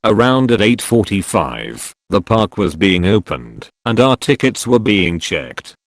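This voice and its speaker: A man reading online stories aloud as a scripted narration, in an expressive storytelling manner. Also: fairly low pitch, a little slow, dry recording.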